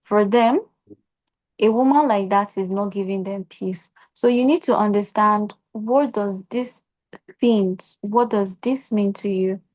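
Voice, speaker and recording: A woman's voice: mid-range voice, a little slow, a little mellow. A young adult woman with a Nigerian accent, a podcast guest giving earnest advice in casual conversation and posing rhetorical questions.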